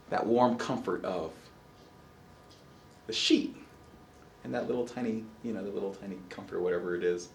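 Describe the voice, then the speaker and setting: A man's voice: on the low side, creaky, far from the mic, a little hiss or hum. A man lecturing a college psychology class, telling stories, acting out his own reactions and quizzing students. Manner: lively storyteller, acts out his own reactions, asks the class questions. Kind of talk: animated classroom lecture with anecdotes. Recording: echoey classroom.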